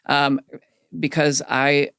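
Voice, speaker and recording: A middle-aged man, a guest on a podcast, candidly telling personal stories in an earnest, animated way. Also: on the high side, takes it slowly, clear, resonant tone, no echo, clean studio sound. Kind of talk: reflective storytelling in a podcast interview.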